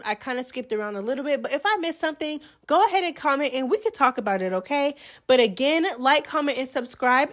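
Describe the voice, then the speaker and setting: A woman with a very high, sharp, bright voice hosts a casual recap vlog. She is sassy and expressive, full of slang, and talks straight to her viewers like friends. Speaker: host of a reality TV recap channel.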